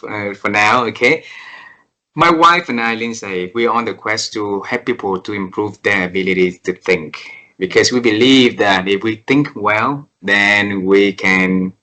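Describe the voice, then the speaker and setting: A man's voice: lowish voice, animated, measured pace, sharp tone, low-quality recording. A man hosting an interview, encouraging his guest with short affirmations and thanks. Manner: supportive, with frequent short affirmations. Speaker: interview host. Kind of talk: conversational interview.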